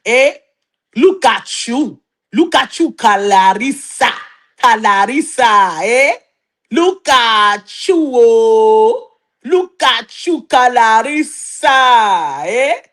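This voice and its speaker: A woman voicing a mocking woman with a put-on African accent, teasing slowly and repeating her words. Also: fairly high pitch, lively intonation, a bit bright, heavily acted.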